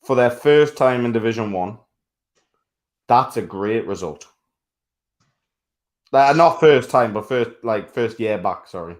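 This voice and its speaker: A man co-hosting a casual sports podcast, talking bluntly, swearing freely and laughing loudly. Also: mid-range voice, expressive, unhurried, pauses often. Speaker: podcast co-host.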